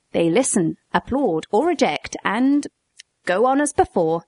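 A woman's voice: mid-range voice, animated, measured pace, darkish tone. A woman reading a dialogue aloud expressively, lifting her voice in the questions and exclamations. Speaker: narrator. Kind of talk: read-aloud dialogue narration.

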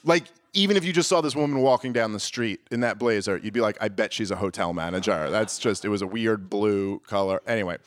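A man doing stand-up, telling a story in an animated way and pushing his voice high and loud when he acts out his own exasperation. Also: brisk, hardly any pauses, dry recording. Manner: animated, climbs to near-shouting exasperation when acting out arguments. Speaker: stand-up comedian.

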